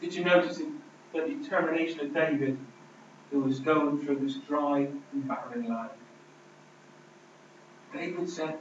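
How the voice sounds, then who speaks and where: A man preaching a sermon, emphatic, swinging between loud declarations and hushed lines. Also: a little high, lively intonation, unhurried, long pauses, a little hiss or hum. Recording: distant, roomy, dull hall recording.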